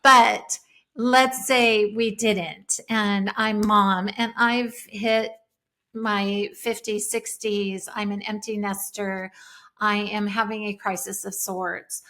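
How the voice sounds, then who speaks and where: A woman's voice: medium pitch, flat delivery, takes it slowly, fairly bright tone. Reflective woman co-hosting a podcast. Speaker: podcast co-host. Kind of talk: casual podcast conversation.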